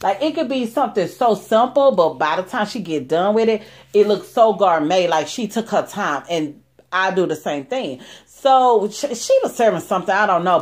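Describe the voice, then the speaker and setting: A woman, telling a personal story to her viewers in a chatty, animated way with many asides. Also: lowish voice.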